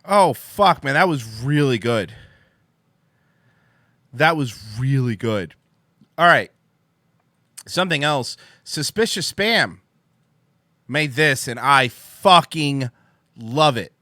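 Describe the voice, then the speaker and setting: A man's voice: medium pitch, animated, slow pace, long pauses, sharp tone, dry recording, clean studio sound. A man hosting a casual reaction stream, laughing and swearing as he reacts to fan-made clips. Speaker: streamer host.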